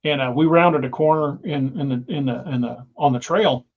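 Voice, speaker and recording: A man's voice: on the high side, normal speed. A man telling outdoor stories as a guest, rambling and repeating words. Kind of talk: casual storytelling. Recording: dull lo-fi sound.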